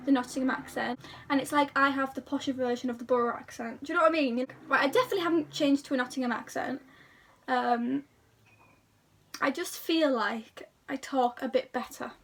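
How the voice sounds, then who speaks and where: High-voiced chatty young woman. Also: a bit bright, distant mic. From England. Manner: chatty, rambling, self-deprecating. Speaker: YouTuber. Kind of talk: casual chat to camera.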